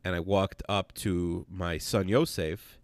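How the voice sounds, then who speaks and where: A man co-hosting a casual podcast, talking in a rambling, halting way with many fillers. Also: low-pitched, fairly even intonation, no echo. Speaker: podcast co-host.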